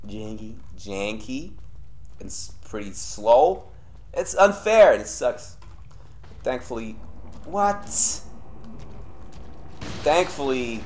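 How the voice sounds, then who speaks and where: A young man streaming live gameplay and commenting as he plays. He swears often and swings between low grumbling and sudden yelling. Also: a little hiss or hum. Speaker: streamer playing a horror game.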